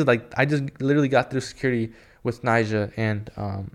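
A young man telling a story in a casual, excited, rambling way, full of filler words. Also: fairly low pitch, brisk. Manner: excited, rambling, heavy use of "like" and "yo". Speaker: skateboarding fan telling a story.

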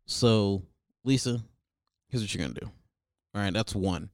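A man's voice: lowish voice, measured pace, darkish tone, no echo, clean studio sound. A young man hosting a comedic advice show, rambling crude and over-the-top.

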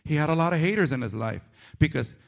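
A man preaching a sermon as pastor of a church, animated and self-mocking, swinging between loud emphasis and low asides. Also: quick pace, creaky.

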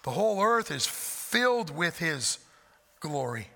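Gravelly high-voiced preacher. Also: male voice, big pitch swings, a little slow. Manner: emphatic, swells loud on repeated phrases; folksy asides. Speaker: pastor. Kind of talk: sermon. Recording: long hall reverb.

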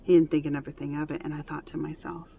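A woman's voice: deep voice, fast talker, vocal fry, slight background noise. Earnest woman telling a family story. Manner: earnest, animated, with frequent fillers. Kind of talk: casual personal storytelling.

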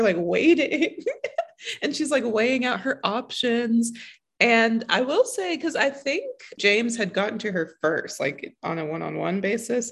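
A woman's voice: fairly high pitch, breathy edge. A young woman co-hosting a podcast, giggly and chatty in casual talk. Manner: giggly, lively, many fillers. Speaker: podcast co-host. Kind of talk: casual chat.

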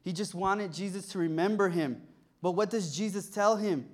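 Animated young man preaching. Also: sits high, moderate pace. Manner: animated storytelling, acting out voices. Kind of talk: sermon with personal story.

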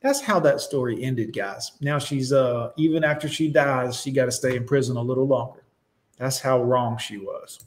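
A man's voice: medium pitch, fairly even intonation, moderate pace. A young man ranting sarcastically and profanely as he reacts to news clips. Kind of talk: casual reaction commentary.

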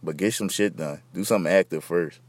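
A man's voice: deep voice, a little fast, no echo. A young man hosting a podcast, rambling in loose, slangy, profane casual chat. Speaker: podcast host.

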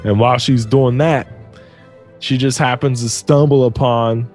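A man's voice: medium pitch, fairly even intonation, measured pace, a little mellow, soft background music. A young man casually retelling a story to a friend, loose and profane, laughing often.

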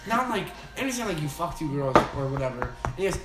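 A joking young man, a podcast co-host, talks fast in a slightly high voice from far off the mic, laughing as he tells stories and getting loud when excited. It's a casual group chat among friends at a poker table, recorded in an echoey room with loud music.

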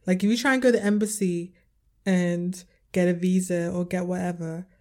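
A woman's voice: lowish voice, steady tone, moderate pace, mellow. Laughing young woman. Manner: swears casually, laughs often. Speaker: podcast co-host. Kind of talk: casual chat.

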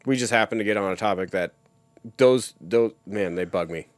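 A man's voice: lowish voice, moderate pace, no echo, soft background music. A young man co-hosting a casual podcast, blunt and grumbling, with heavy swearing. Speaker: podcast co-host.

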